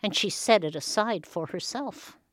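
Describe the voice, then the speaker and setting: A woman storyteller telling a folk tale with expressive, dramatic pauses. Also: mid-range voice, no room sound, studio quality.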